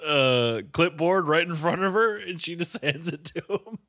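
A man's voice: fairly high pitch, expressive, moderate pace, a bit bright. A man in casual chat, exasperated by a movie, swearing and laughing often.

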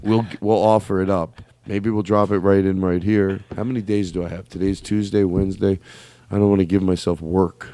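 A man's voice: sits low, flat delivery, brisk, dark tone, dry recording. A man hosting a comedy podcast, riffing in loose, profane, jokey banter. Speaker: podcast host.

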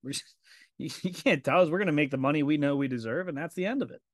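A man's voice: a little high, quick pace, no room sound, studio quality. Candid, profane male podcast host. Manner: candid and profane, acts out quoted dialogue in storytelling. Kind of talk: casual conversational interview.

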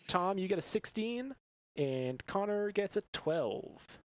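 A man's voice: sits high, sing-song, takes it slowly, no echo. A man running a tabletop game as game master, explaining rules and describing rooms in an upbeat way, laughing between descriptions. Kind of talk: narrating a tabletop game on a podcast.

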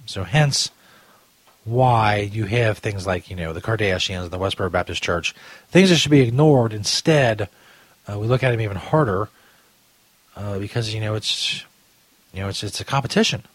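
A man's voice: lowish voice, normal speed, breathy edge, no room sound. A man hosting a podcast in a casual, rambling, crude style, often laughing at his own jokes. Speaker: podcast host. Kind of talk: casual commentary chat.

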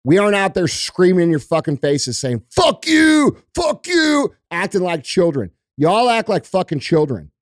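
Man, podcast co-host, fairly high voice, profane emphatic rant, dry close sound. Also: expressive, normal speed, few pauses, no room sound. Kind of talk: heated casual talk.

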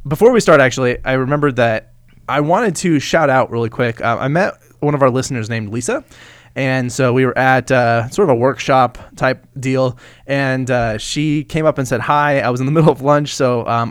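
A man's voice: medium pitch, normal speed, clear, resonant tone, no room sound. Guy cohosting a podcast, chill, lots of ums and little laughs, dry close mic. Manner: relaxed, chuckles often, many fillers and restarts. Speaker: podcast co-host. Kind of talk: casual chat.

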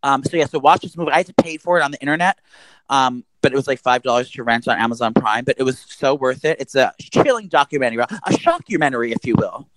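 Fast-talking gossipy man. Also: medium pitch, no room sound, poor audio. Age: around 40. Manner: gossipy, animated storytelling with swearing. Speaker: podcast co-host. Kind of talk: casual chat.

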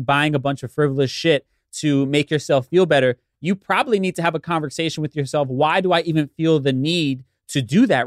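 A man hosting a podcast, talking quickly and reflectively, checking in with a frequent right. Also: fairly high pitch, no echo, studio quality. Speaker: podcast host. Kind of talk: conversational interview.

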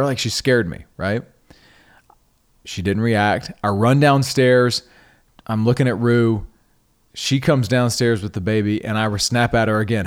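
This middle-aged podcast host has a medium-pitched voice and talks a little slowly as he recounts a personal story. His style is conversational, full of restarts and repeated words, and turns animated when he quotes himself.

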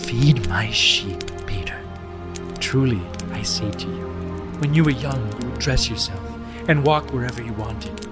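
A man voicing Jesus as a gentle, loving grown man, asking his questions slowly and tenderly. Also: mid-range voice, animated. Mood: solemn. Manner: soft, slow, tender questioning. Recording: clear background music under voice.

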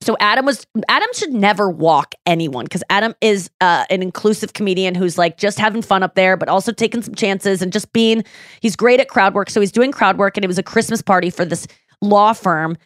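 Woman podcast co-host, mid-pitched, dry close sound, lively storyteller who swears a lot. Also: fairly quick, no echo. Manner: animated storyteller who swears freely and acts out quotes. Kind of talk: casual chat.

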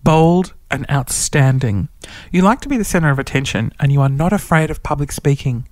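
A hungover man in his thirties, whispering wearily in a dark room during a casual monologue as a podcast host. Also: a little high, lively intonation, normal speed, dry recording. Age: 30s. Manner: whispering, hushed and weary.

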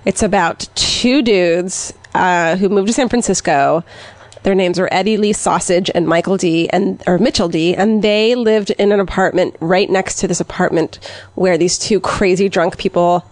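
A woman's voice: on the low side, moderate pace, no echo. Giggly woman with a lisp. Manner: giggly, excitable, swears freely. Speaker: podcast co-host. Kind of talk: casual chat.

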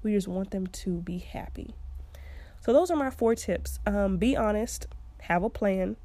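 Young woman podcast host, warm mellow voice, chatty, laughs a lot, dry close sound. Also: mid-range voice, expressive, measured pace, no room sound. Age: young adult. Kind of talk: casual advice monologue.

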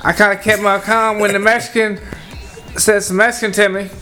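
A man telling a rambling, profane story in casual podcast chat, talking loud and laughing as he goes. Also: high-pitched, level tone, a little fast, soft background music. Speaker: podcast regular.

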